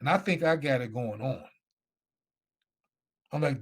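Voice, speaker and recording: A man's voice: fairly high pitch, moderate pace. A middle-aged man, a former football player, telling his life story as a guest speaker, emphatic and repeating himself. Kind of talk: personal storytelling.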